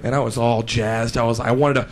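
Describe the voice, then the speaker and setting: A young man performing a stand-up comedy routine, animated and quick to slip into put-on voices for the characters in his stories. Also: mid-range voice. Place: stage before a live audience. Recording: live show with loud crowd laughter and noise.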